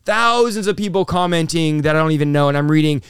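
A man in his thirties, a pastor guest telling his story in an animated, rapid-fire way, peppered with bro and dude. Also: on the high side, clean tone, dry recording, studio quality. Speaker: pastor and revivalist, interview guest. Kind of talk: excited conversational storytelling.

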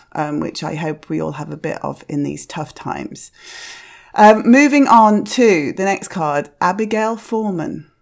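A middle-aged woman hosting a podcast, chatting in a rambling, self-deprecating way with quiet asides. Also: mid-range voice. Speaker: podcast host. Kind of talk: casual chat reviewing cards.

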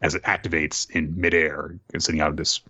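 A man's voice: extremely low pitch, little pitch movement, fairly quick, bright, forceful tone. A young man hosting a casual podcast, recapping a story loosely with swearing and fillers. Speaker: podcast host. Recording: slightly dull, dry sound.

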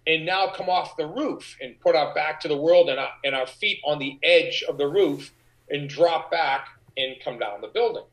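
A middle-aged man, an actor guest, telling animated anecdotes in an interview and acting out the voices of the people in them. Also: a little high, poor audio. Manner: animated, acts out quoted voices. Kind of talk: anecdotal storytelling.

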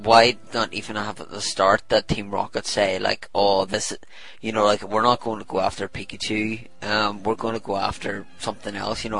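A man's voice: fairly low pitch, creaky, fairly bright tone, low-quality recording. Jokey man chatting on a podcast. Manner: jokey, goofing around, laughs often. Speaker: podcast co-host. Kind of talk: casual chat.

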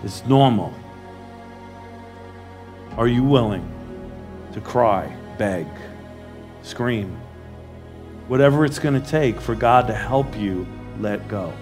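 A man's voice: medium pitch, darkish tone. A man preaching a sermon in an earnest, pleading and emotional way.

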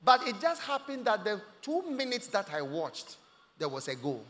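A man preaching in a large church hall, his voice high and bright. He moves freely between hushed, close asides and loud, ringing exclamations. A long reverb trails after every line. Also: big pitch swings, normal speed, a little hiss or hum. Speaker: pastor. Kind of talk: sermon.

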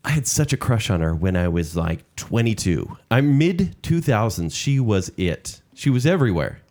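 A man's voice: on the low side, very animated, normal speed, a little mellow. A man co-hosting a podcast, chatting playfully and joking around. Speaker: podcast co-host. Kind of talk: casual chat.

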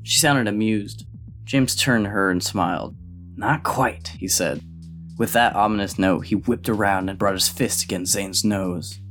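A man reading a novel aloud in a steady, even narrating voice. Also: lowish voice, normal speed, soft background music. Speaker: audiobook reader.

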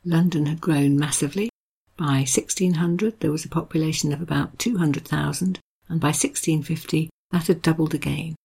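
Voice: mid-range voice, steady tone, moderate pace, creaky, darkish tone, breathy edge. A podcast host giving an informal history talk, telling stories in a chatty way with wry asides.

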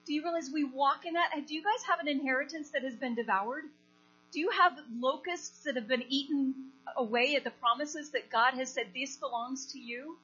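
A woman's voice: high voice, normal speed, bright, forceful tone, soft background music. A woman preaching a sermon, telling a story and putting questions to the congregation. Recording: lo-fi recording with mains hum.

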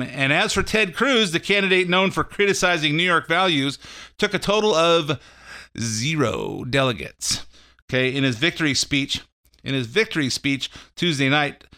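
A man's voice: on the high side, pushed and bright, clean tone. A man hosting a call-in radio show, talking off the cuff about politics in a rambling way, full of fillers and restarts. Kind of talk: casual political commentary.

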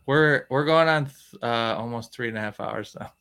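A man's voice: mid-range voice, normal speed, sharp tone, clean tone. A man hosting a podcast in casual chat, mostly giving short agreeing replies and laughing easily. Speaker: podcast host.

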